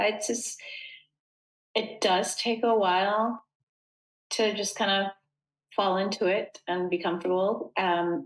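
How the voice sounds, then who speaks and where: A woman's voice: on the low side, rough recording. A woman from the United States speaking as an interview guest, talking earnestly and thoughtfully with frequent fillers. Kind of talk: casual interview conversation.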